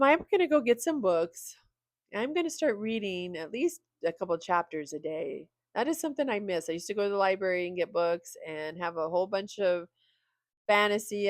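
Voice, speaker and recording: Middle-aged woman creator, tired, candid rambling vlog talk, lowish voice, dry close sound. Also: dry recording. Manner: candid and rambling, with small laughs. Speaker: video creator. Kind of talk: casual vlog talk to camera.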